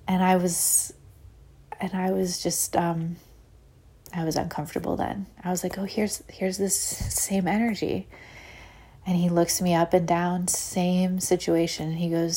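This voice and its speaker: Rambling woman podcast host, slightly low voice. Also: moderate pace. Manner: rambling, many "like" fillers; animated retelling with acted-out quotes. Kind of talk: casual storytelling monologue.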